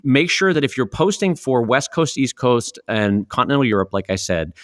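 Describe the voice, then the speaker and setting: A jokey man co-hosting a podcast, quick to laugh at himself as he chats. His voice is at a middle pitch, heard close and dry with no room sound. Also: sing-song, no room sound. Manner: jokey, self-deprecating, laughs easily. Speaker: podcast co-host. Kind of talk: casual podcast chat.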